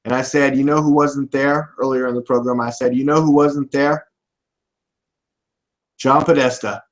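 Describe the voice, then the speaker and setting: A man hosting a live political podcast, ranting and swearing, bursting into loud shouts now and then. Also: mid-range voice, fairly even intonation, moderate pace.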